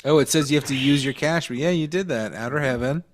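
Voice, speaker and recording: A man's voice: medium pitch, fast talker, a little hiss or hum. A man chatting while guiding a friend through a video game, wry and joking with casual swearing. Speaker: gamer. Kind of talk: casual let's-play chat. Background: game music.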